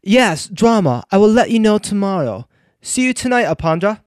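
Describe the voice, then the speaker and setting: A woman voicing a smooth-talking, ambitious young male band member in an amateur audio drama. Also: mid-range voice, very animated, moderate pace, darkish tone, no room sound, clean studio sound, lightly acted. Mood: cool. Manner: cool, slangy.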